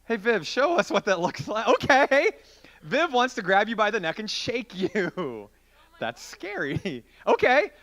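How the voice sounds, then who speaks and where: A man's voice: high voice, huge pitch swings, unhurried, fairly bright tone. A man preaching as a youth pastor in an interactive youth group sermon, playful and joking with volunteers.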